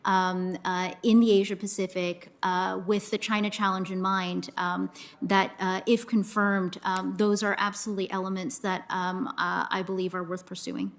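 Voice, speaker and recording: A woman nominee answering senators at a confirmation hearing, halting, with many ums and uhs. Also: medium pitch, little pitch movement. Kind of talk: formal hearing testimony.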